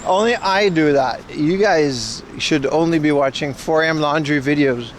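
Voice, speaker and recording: This IRL livestreamer, whose voice is a little high and moves at normal speed, looks over plants outdoors and chats loosely with viewers, wandering between topics and kidding around. A little hiss or hum sits in the audio.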